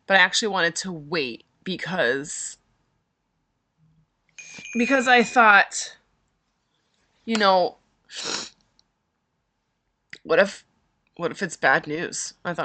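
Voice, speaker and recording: A woman's voice: fairly low pitch, lively intonation, slow, pauses often, sharp tone. A middle-aged woman hosting a podcast, telling a personal story in an emotional, rambling way with many fillers. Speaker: podcast host.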